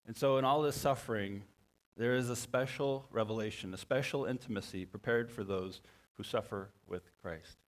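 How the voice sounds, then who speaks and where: A man preaching a sermon as a pastor, halting and often repeating his words. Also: medium pitch.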